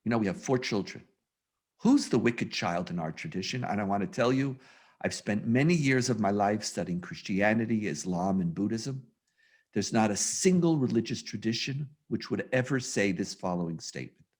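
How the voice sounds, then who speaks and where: A man who is a rabbi, giving a humorous storytelling lecture over a video call in an animated, self-mocking way. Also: fairly low pitch, moderate pace, slightly rough.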